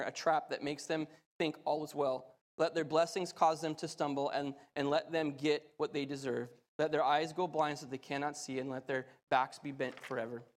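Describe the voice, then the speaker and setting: A man with a high, bright-pitched voice preaches and reads scripture, his sermon rising into fervent, excited storytelling. His voice rings out with a long reverb tail, as if he stands in a large hall. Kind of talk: sermon with Bible reading.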